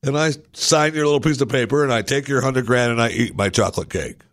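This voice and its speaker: A man's voice: medium pitch, quick pace, few pauses, a bit bright, dry recording, studio quality. A man hosting a talk show, giving opinionated political commentary with indignant, sarcastic asides.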